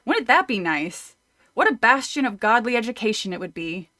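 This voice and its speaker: A woman's voice: a little high, sing-song, moderate pace, sharp tone. A woman streamer reading a horror novel aloud, often breaking off to chat, laugh and swear casually. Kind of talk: casual read-through with chat.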